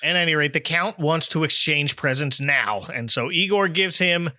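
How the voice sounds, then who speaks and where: A man's high, animated voice recapping a cartoon plot in casual chat, sharp and bright in tone. It sounds close and dry, with no room around it. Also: dry recording. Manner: lively plot recaps with quick impressions. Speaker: podcast host.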